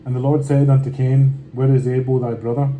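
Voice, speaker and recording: A man reading scripture aloud slowly and deliberately, breaking off now and then for slangy, offhand comments. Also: medium pitch, flat delivery, narrow, tinny audio, a little hiss or hum. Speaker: scripture reader.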